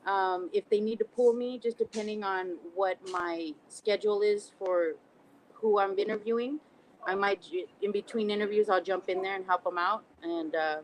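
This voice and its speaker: A woman's voice: mid-range voice, normal speed, a little hiss or hum, low-quality recording. A woman chatting casually as a podcast guest, talking about events with frequent "um" fillers. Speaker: podcast guest, cigar brand rep.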